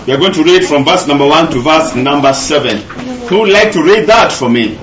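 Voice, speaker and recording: A man's voice: on the high side, expressive, brisk, a bit bright, roomy sound, dull audio, a little hiss or hum. A man preaching a sermon, teaching earnestly and repeating key phrases for emphasis. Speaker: pastor.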